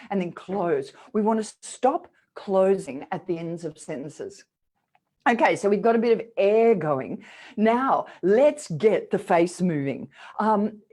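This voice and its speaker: Slow, coaxing woman voice coach. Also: lowish voice, mellow. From Australia. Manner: demonstrative, coaxing, with sung exercise syllables. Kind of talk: guided vocal warm-up lesson.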